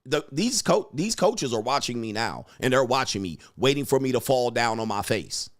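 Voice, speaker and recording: Animated, laughing streamer man. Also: mid-range voice, normal speed. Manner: animated, laughing, emphatic, repeats for emphasis. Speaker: dating commentary streamer. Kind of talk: casual livestream rant.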